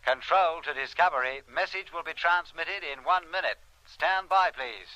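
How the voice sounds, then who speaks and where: A man's voice: a little high, moderate pace, bright, forceful tone, dry recording, low-quality recording. An actor playing a formal male mission control radio operator, speaking clipped radio procedure in 1950s radio drama style.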